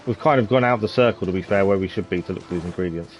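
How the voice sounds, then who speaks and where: A man's voice: low-pitched, very fast, faint music behind. A man casually chatting while streaming a game, chatty and laughing often. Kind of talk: casual live-stream commentary.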